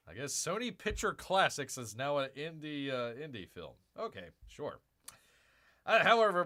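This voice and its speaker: A middle-aged man hosts a casual livestream, talking through the news with rambling sarcasm. His voice is bright and sits a little high. It swings widely in pitch as he mocks what he reads. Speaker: livestream host.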